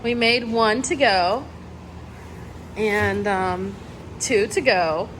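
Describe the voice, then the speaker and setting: A woman's voice: mid-range voice, drawn-out words, fairly bright tone, a little hiss or hum. A young woman in her twenties chatting casually to her vlog camera, filling her talk with "like.". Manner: chatty, lots of filler "like". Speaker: vlogger.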